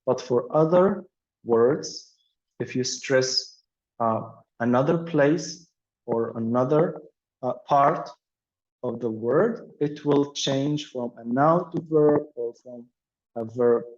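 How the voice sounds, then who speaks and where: A man's voice: mid-range voice, slow pace, a little mellow. A man teaching an English pronunciation and vocabulary lesson, patient, with many fillers and repeated words. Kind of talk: explaining a language lesson. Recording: dull lo-fi audio.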